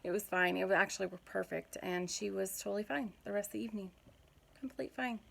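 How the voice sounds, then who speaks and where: Woman, thirties, gravelly voice, chatty giggly storytelling, casual mom vlog. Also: mid-range voice, quick pace, fairly bright tone. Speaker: mom vlogger.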